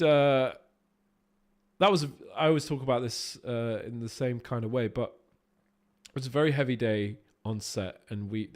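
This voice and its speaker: Man chatting on a game stream. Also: mid-range voice. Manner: swears freely, answers and thanks chat while playing. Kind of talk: casual live-stream chat with viewers.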